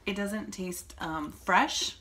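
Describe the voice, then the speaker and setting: A woman co-hosting a casual food-tasting chat, blunt and animated as she complains about what she eats. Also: medium pitch, slow pace, a little hiss or hum. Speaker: co-host of a vegan food review channel.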